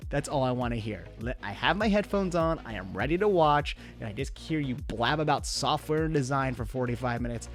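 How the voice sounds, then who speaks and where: A man hosting a casual microphone review, chatting directly to viewers while talking right into a close studio microphone. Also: medium pitch. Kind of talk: casual product review talk.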